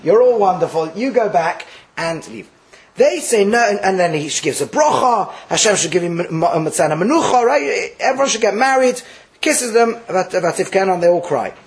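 High-voiced man teaching Torah. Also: moderate pace, rough recording. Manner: lively, acts out quotes, Hebrew terms mixed in, restarts. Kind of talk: animated Torah class.

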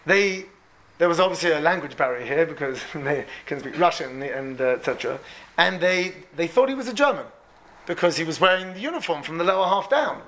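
Male preacher, high voice, lively storyteller who acts out his characters. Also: fairly quick, slight background noise. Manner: animated, repeats words, voices the people in the story. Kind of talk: storytelling sermon.

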